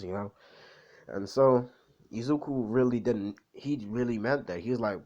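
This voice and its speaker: A man's voice: lowish voice, moderate pace, a little mellow. A man in casual chat, rambling in slangy speech with lots of fillers. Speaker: anime vlogger.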